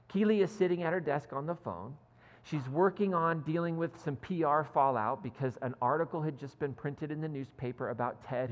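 Male pastor preaching in a reverberant church. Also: a little high. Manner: conversational storytelling, self-deprecating. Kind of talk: sermon. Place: church sanctuary. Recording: long hall reverb.

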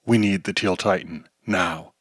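A man voicing a calm, methodical young superhero who speaks in a level, matter-of-fact way. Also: sits low, a little slow, breathy edge, dry recording, studio quality.

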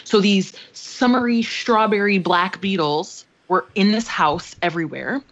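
A young adult woman co-hosting a podcast tells a dramatic, profane story in casual conversation. Her medium-pitched voice is a bit bright and a little slow, and the lo-fi recording sounds slightly dull.

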